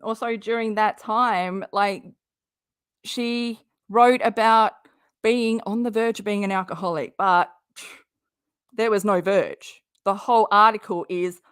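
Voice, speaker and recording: A woman runs a live commentary stream. She talks slowly and bluntly, calls out her target directly, swears, and stops to answer chat comments. Her voice is dry and close, with no room sound. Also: medium pitch, fairly even intonation, clean tone, no room sound. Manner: reads viewer chat comments aloud.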